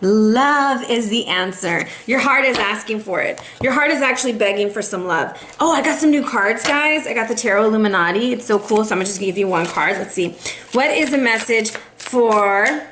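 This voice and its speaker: High-voiced playful woman tarot reader. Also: moderate pace, a little hiss or hum. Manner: lively, playful, calls listeners "baby"; drops in Spanish phrases. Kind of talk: casual tarot reading to viewers.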